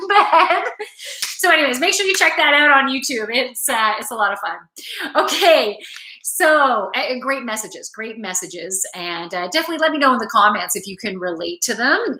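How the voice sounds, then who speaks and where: A woman's voice: on the high side, bright, forceful tone, roomy sound, rough recording. A woman doing a casual spiritual card reading, chatty and rambling, tired from little sleep and laughing at herself. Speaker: tarot card reader.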